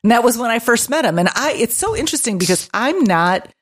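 A woman's voice: a little high, sing-song. A middle-aged woman co-hosting a casual chat, chiming in with stories and laughter. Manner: chatty, laughs often, quick interjections. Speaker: co-host.

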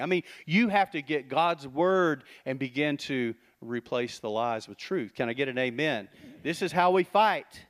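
A middle-aged man giving a sermon as pastor, talking conversationally with quick asides and rhetorical questions. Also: mid-range voice, expressive.

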